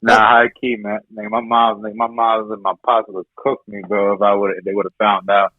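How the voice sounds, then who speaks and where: A man's voice: fairly low pitch, monotone, brisk, no echo, narrow, tinny audio. A young man from the Bronx, a comedian guesting on a podcast, talking in a laid-back, slangy and profane way. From the Bronx, New York. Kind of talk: casual podcast chat.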